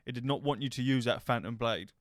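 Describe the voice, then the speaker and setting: A man's voice: mid-range voice, fast talker, dry recording, clean studio sound. A man co-hosting a podcast in casual chat, laughing, swearing and teasing. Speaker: podcast co-host.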